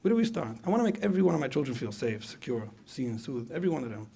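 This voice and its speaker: Guy lecturing parents, gravelly voice, talks fast, keeps repeating himself. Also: mid-range voice, big pitch swings, dark tone. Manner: repeats phrases, asks the audience questions. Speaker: speaker at a parenting retreat. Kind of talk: conversational lecture.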